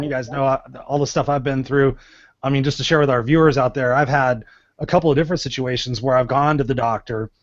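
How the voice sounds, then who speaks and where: A man co-hosting a casual panel talk, telling stories in an animated way and acting out the quotes. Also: fairly high pitch, no room sound. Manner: animated storyteller, acts out quotes. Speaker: co-host. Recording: dull lo-fi web-show audio.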